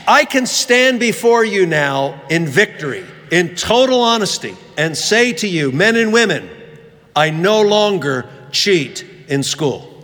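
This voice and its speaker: A man's voice: high-pitched, big pitch swings, unhurried, fairly bright tone, slight background noise. A man giving a sermon, telling a funny story and acting out the voices of the people in it. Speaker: preacher. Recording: long reverb of a large hall.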